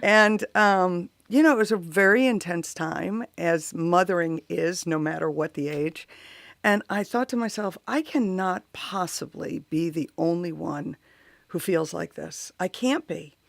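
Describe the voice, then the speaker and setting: A woman's voice: lowish voice, a little slow, vocal fry, no echo. A woman who is a mother and runs workshops for moms, a guest on a talk show telling her story with animation. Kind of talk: casual interview chat.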